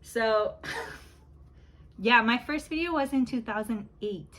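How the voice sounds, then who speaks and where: Filmed on the back camera of a phone, this woman in her thirties rambles and laughs through a casual makeup chat for her YouTube beauty vlog at home. Her somewhat high, slightly bright voice moves slowly, and the recording quality is low.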